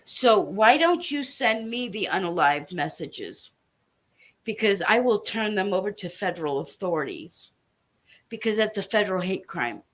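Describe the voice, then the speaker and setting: Speaking at a moderate pace in a medium-pitched voice with big pitch swings, a female online commentator unleashes a furious, foul-mouthed rant at her viewers. She issues threats and pounds each point with emphasis.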